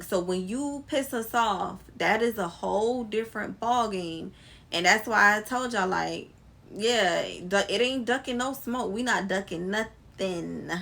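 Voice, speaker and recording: Animated, slangy woman vlogger. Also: medium pitch, creaky. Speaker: storytime vlogger. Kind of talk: casual storytime to viewers. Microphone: camera mic.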